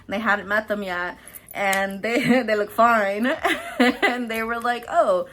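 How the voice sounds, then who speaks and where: A woman's voice: on the high side, slow, fairly bright tone. Chatty, swearing woman reading tarot. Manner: chatty, profane, laughs often. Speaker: tarot reader and host. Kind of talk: casual pick-a-card tarot reading.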